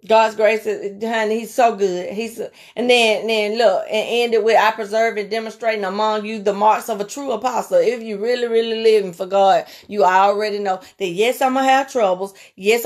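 A woman giving an informal sermon in a folksy way, calling her listeners honey and slipping into soft, murmured prayer. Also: mid-range voice. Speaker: preacher.

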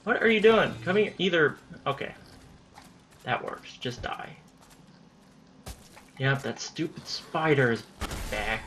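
A man giving casual let's-play commentary during a boss fight, excitable, swearing and yelling at enemies. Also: fairly high pitch, takes it slowly, long pauses, a little hiss or hum. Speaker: gamer playing through a boss fight.

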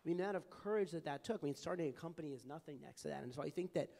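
A man's voice: on the high side, very fast, vocal fry, mellow. A young man from California speaking as a panelist at a public forum, earnest and anecdotal, with many fillers and restarts. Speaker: panelist, advocacy group founder. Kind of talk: panel discussion. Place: large hall at a public forum. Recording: long hall reverb.

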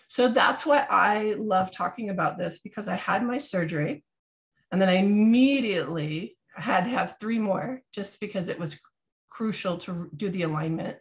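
Woman, thirties, casual health chat, animated, acts out quotes. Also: mid-range voice. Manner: animated storyteller acting out quotes. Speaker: podcast co-host.

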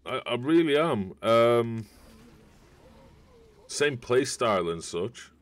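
A man's voice: mid-range voice, animated, slow pace. A man streaming a video game, chatting in a rambling, casual way to viewers as he plays. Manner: rambling, chatty, talks to viewers while playing. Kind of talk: casual gameplay commentary.

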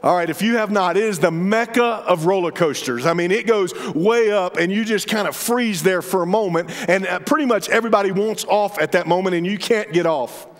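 A man's voice: brisk, few pauses. A man, preaching a humorous storytelling sermon in church. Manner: storytelling, humorous, drops to a soft low voice for emphasis. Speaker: pastor. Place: church sanctuary. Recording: reverberant church hall.

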